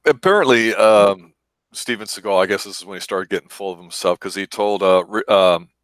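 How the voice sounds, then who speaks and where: Low-voiced man hosting a movie chat. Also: fairly quick, a bit bright, no echo. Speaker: podcast host. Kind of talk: casual movie review chat.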